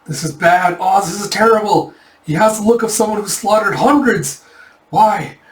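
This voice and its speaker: A man voicing a jittery young male official who panics easily, shrill and pleading. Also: a little fast, a bit bright, close to an everyday voice. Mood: panicked. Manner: shrill, frantic, whiny pleading. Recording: roomy, mic at a distance.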